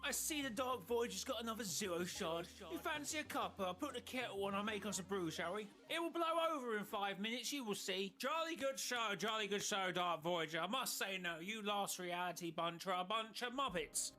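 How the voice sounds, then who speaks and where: A man's voice: sits high, lively intonation, brisk, few pauses, bright, forceful tone, faint music behind, pitched above the performer's own voice. A man putting on an exaggerated posh British voice for a smug male alien visitor, using heavy British slang. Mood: mocking posh. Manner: over-the-top British slang, teasing.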